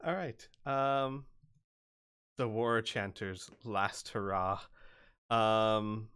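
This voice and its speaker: A man's voice: lowish voice, drawn-out words, fairly bright tone, clean tone. A man narrating combat as game master, playful and often laughing between rulings.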